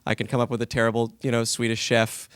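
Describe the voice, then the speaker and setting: Man, 30s, voice actor on a panel, animated storyteller, smooth and resonant, dry close sound. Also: medium pitch, fast talker, dry recording. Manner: animated anecdote, acting out quoted lines.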